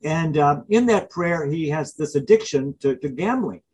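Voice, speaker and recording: A man who is an author and professor, answering interview questions as an animated storyteller who acts out film scenes. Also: fairly high pitch, normal speed, breathy edge, rough recording. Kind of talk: interview guest.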